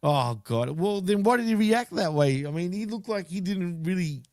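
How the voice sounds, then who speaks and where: A man's voice: sits high, lively intonation, moderate pace, a little mellow, no room sound, studio quality. Blunt opinionated man on a wrestling podcast. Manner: blunt, opinionated, laughs along. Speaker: podcast co-host. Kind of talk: casual wrestling recap chat.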